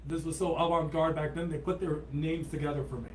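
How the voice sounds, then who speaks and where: High-voiced male comedian guest. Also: fairly even intonation, a little fast, darkish tone, reverberant, slight background noise, rough recording. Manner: confident, playful banter. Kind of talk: casual comedy chat.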